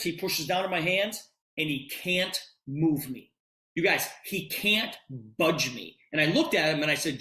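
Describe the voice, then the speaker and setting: A man in his fifties tells a sales story over a video call, acting out the dialogue as he goes. His voice is bright and forceful. The sound is roomy and echoing. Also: on the high side. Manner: animated retelling, quoting dialogue with repeated "I said". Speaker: presenter of a business opportunity. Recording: roomy echo.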